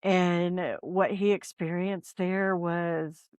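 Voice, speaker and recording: A woman's voice: fairly low pitch, steady tone, extremely slow, a little mellow, clean tone, no echo. Rambling woman telling ghost stories. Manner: rambling, lots of ums and likes. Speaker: paranormal investigator guest. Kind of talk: casual storytelling chat.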